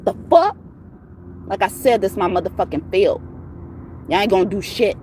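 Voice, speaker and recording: A woman tarot reader rants to her viewers, heated, profane and emphatic, her words rising to shouts. Her mid-range voice moves briskly over slight background noise in this casual rant.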